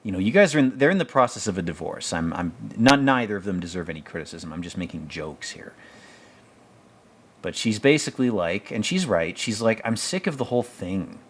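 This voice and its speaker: A man's voice: sits low, lively intonation, brisk, breathy edge. A man hosting a podcast, giving blunt, profane, rambling commentary on a TV episode. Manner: blunt, profane, rambling, with mocking quoted voices. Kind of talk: casual opinionated commentary.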